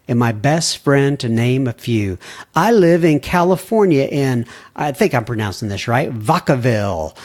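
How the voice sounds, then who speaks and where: Folksy man reading listener mail. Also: a little high. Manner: folksy, warm-hearted asides. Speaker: podcast host. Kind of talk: reading listener emails aloud.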